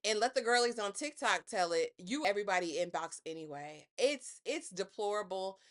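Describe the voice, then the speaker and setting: A woman's voice: mid-range voice, lively intonation, normal speed. A woman recapping a reality show in casual commentary, sassy and dramatic, roasting with pointed rhetorical jabs.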